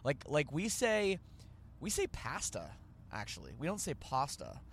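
A man's voice: on the high side, wildly swooping pitch, normal speed, slight background noise. A man hosting a podcast, rambling and joking as he corrects himself mid-sentence. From Canada. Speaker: podcast host. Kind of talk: casual podcast chat.

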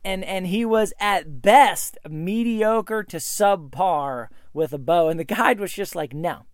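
A man's voice: sits high, dry recording, clean studio sound. A man telling a hunting story in a casual, matter-of-fact and emphatic way. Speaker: bowhunting advice speaker.

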